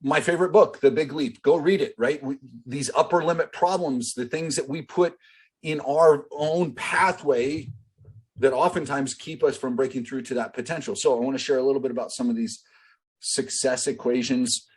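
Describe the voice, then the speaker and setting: Man, business coach, husky voice, mid pitch, casual rambling teaching on a video call. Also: moderate pace. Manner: conversational, filler-heavy, addresses the group directly.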